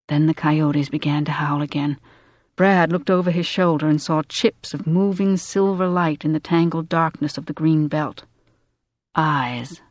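Dry, measured audiobook narrator. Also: mid-range voice, fairly even intonation, dry recording. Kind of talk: scripted narration.

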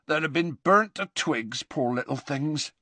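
A man voicing a gruff, kindly half-giant groundskeeper who talks in rough country speech with dropped letters, in a storybook reading. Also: fairly high pitch, animated, measured pace, pushed and bright, no room sound, pitched above the performer's own voice. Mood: sad.

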